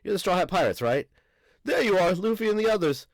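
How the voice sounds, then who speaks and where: A man voicing a blunt, harsh giant woman schoolteacher in a loud, scolding manner. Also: high voice, lively intonation, brisk, vocal fry, no echo, pitched above the performer's own voice. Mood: brusque.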